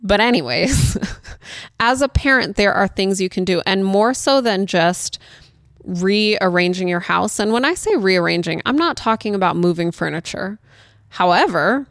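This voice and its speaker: A woman's voice: on the low side, no echo. Chatty woman, close dry mic. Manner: chatty, candid, laughs often. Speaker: podcast host, parenting educator. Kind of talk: casual podcast talk.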